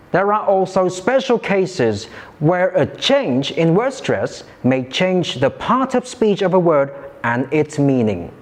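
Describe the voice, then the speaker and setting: Slow, lively male pronunciation teacher. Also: on the high side. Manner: slow, careful, clearly articulated. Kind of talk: scripted lesson narration.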